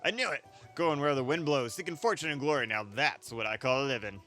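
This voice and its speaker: A man's voice: medium pitch, lively intonation, brisk, pushed and bright, soft background music. A man voicing a chatty, folksy male peddler on a ship, reading game lines in an amateur voice-over with homespun talk. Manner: homespun talk, calls listener lad, says reckon.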